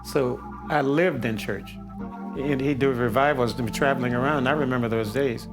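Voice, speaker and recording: A man's voice: mid-range voice, normal speed, music in the background. An older man from the Detroit area, a singer being interviewed, telling anecdotes with frequent chuckles. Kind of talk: storytelling interview.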